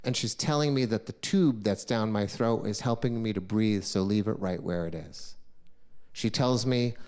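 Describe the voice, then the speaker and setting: Middle-aged guy from the us doing a solo story show on stage, gets loud then drops real quiet. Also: normal speed. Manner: animated, shifts from loud outbursts to hushed lows. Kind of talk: live solo storytelling performance.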